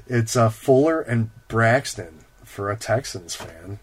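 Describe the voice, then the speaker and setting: A man co-hosting a live card stream, teasing his partner and pitching shop promotions to viewers. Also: animated, takes it slowly, slight background noise. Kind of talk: casual live-stream chat and promo reads.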